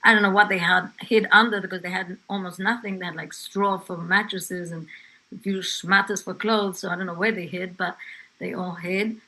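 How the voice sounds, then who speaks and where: An older Englishwoman, a grandmother being interviewed, tells her grandchild family history stories conversationally, with fillers and asides. Her voice is fairly low, steady and sharp at a normal pace, and the recording is rough.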